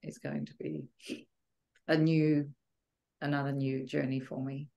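A woman giving a heartfelt, emotional testimonial about a retreat, often pausing to search for words. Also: sits low, level tone, creaky, warm tone, lo-fi sound. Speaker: retreat guest.

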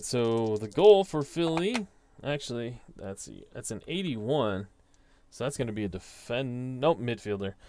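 A man's voice: mid-range voice, a little mellow, clean tone. A young man casually talking through his tabletop soccer simulation, thinking aloud as he reads off dice results. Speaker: tabletop soccer sim host. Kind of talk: casual solo commentary.

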